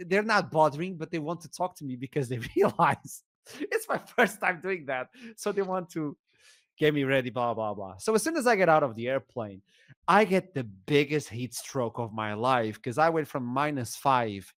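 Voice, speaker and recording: Lively Portuguese man telling a story. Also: a little high, no room sound, clean studio sound. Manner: animated, acts out scenes, laughs often, bursts into shouts. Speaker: esports caster, podcast guest. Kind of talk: animated storytelling in a podcast interview.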